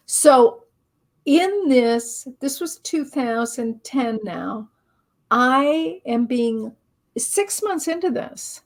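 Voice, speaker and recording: High-pitched, expressive woman telling stories. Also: takes it slowly. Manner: expressive, self-mocking, acts out her own inner voice. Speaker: guest, spiritual teacher and author. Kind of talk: animated storytelling in an interview.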